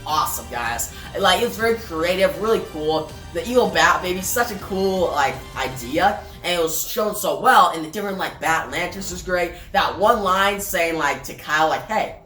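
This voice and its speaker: A woman's voice: lowish voice, animated, moderate pace, hardly any pauses, pushed and bright. A woman casually reviewing a comic book and recapping its plot, chatty, with many fillers and asides to viewers. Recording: roomy, distant mic, faint music.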